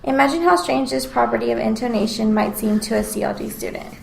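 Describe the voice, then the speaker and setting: A woman's voice: on the high side, fast talker, gravelly, roomy sound, slight background noise, rough recording. A woman reading aloud a scripted class presentation in an explanatory tone. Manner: reads aloud in an explanatory, even tone. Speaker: student presenter.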